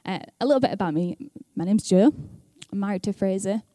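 A woman's voice: mid-range voice, brisk, mellow, dry recording. A young woman speaking at church in a chatty, self-deprecating way, laughing often, then reading scripture aloud. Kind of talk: casual talk and scripture reading.

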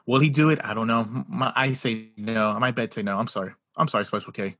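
A man with a husky, raspy edge and a bright, forceful tone, talking boxing in a loose, animated way. He stumbles and repeats himself and swears freely. The sound is dry and close. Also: mid-range voice, fast talker, dry recording. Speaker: boxing podcast co-host. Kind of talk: casual chat.

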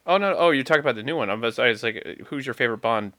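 A man's voice: medium pitch, lively intonation, very fast, pushed and bright. A man in casual chat, arguing emphatically and with mock indignation about his film opinions.

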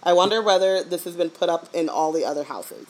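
Playful woman with a lowish voice. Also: a little fast, low-quality recording. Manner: playful, laughs a lot, jokes. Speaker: podcast co-host. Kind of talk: casual chat.

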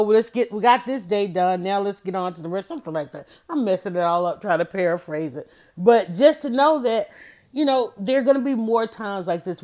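A middle-aged woman hosting a motivational livestream, speaking in an animated, preachy way and often telling listeners to write things down. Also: medium pitch. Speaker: livestream host.

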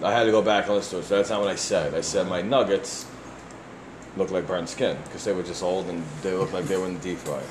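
A man with a New York accent and a deep voice, hosting a casual podcast and bluntly reading listener emails with plenty of swearing. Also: steady tone, fast talker, roomy sound, noisy background. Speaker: podcast host.

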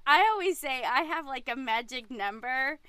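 A woman's voice: sits high, animated, normal speed, bright, forceful tone, clean tone, dry recording. A woman hosting a podcast in a casual conversation. She is a dental hygienist who talks in a chatty, upbeat way and giggles often.

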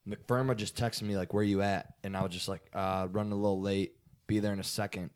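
A man's voice: on the low side, flat delivery, a little fast, clean tone. A young man casually telling a rambling story to friends, swearing and saying dude a lot. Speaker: podcast co-host.

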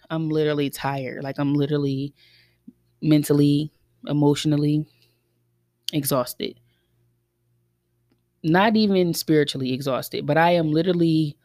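A woman's voice: low-pitched, darkish tone, dry recording, studio quality. A woman of thirty hosting a podcast, talking candidly and reflectively in a loose, rambling way with many fillers. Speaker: podcast host. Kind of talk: casual reflective monologue.

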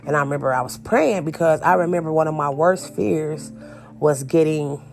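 Young woman, animated and slangy storytelling. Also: low-pitched, moderate pace, gravelly, faint music behind. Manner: animated, acts out quotes, slangy. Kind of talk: casual storytelling.

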